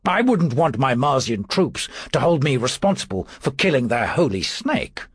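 A man voicing a dry, measured Roman general in an audiobook. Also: medium pitch, big pitch swings, husky, no room sound. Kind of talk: audiobook character voice.

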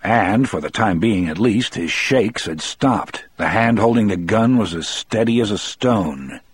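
A man narrating an audiobook in the first person, measured and grim. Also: fairly low pitch, animated, slightly rough.

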